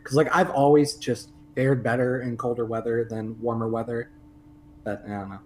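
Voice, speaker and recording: Man from Missouri, mid-pitched voice, easygoing podcast chat, faint background hum. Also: little pitch movement, moderate pace, darkish tone. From Southwest Missouri. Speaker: podcast co-host. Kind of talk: casual live podcast chat.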